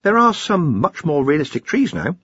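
A man's voice: fairly high pitch, very animated, normal speed, a bit bright, slightly rough, no echo, lo-fi sound, voice pushed up, full character voice. A man doing an earnest young wizard. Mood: patient. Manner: polite, matter-of-fact. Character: earnest young male wizard, patient and precise. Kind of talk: audiobook character voice.

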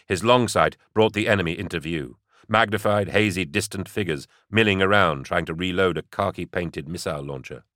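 A man narrating an audiobook in steady, measured storytelling. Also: low-pitched, no echo, clean studio sound. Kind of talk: scripted narration.

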